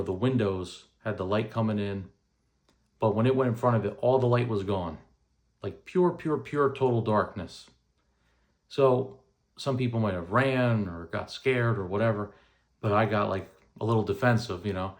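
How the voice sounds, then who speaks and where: Man, 30s, low voice, casual storytelling, rambling with fillers. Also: normal speed. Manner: rambling, many fillers and restarts.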